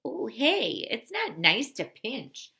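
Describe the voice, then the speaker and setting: A woman's voice: fairly high pitch, huge pitch swings, slow, pushed and bright, heavily acted. A woman voicing sing-song tiny baby bugs. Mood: sassy.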